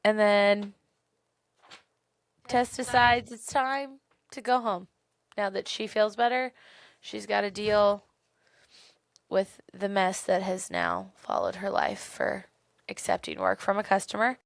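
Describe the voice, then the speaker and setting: A woman co-host talking casually in an animated, chatty way, laughing often as she retells things. Her voice carries a gravelly fry, and the close mic sounds dry with no room around it. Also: medium pitch, takes it slowly, pauses often, dry recording. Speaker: podcast co-host. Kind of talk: casual book-club chat.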